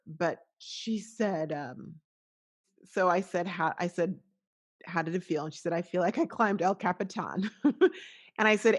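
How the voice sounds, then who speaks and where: A middle-aged woman hosting a podcast, talking in an earnest, emotional, motivational way with frequent restarts. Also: lowish voice. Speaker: podcast host. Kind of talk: casual motivational monologue.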